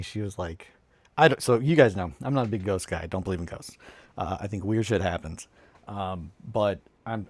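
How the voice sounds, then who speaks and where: Rambling, profane English streamer with a lowish voice. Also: male voice, dry recording. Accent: southern English. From England. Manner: rambling, profane, animated storyteller. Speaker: streamer hosting a hobby stream. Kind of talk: casual live-stream chat.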